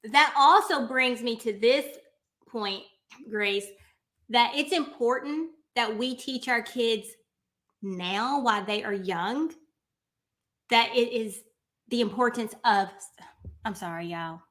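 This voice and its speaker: A woman's voice: fairly high pitch, slow, long pauses, fairly bright tone. A woman, hosting a casual chat, playful and emphatic, often laughing at herself. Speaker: host.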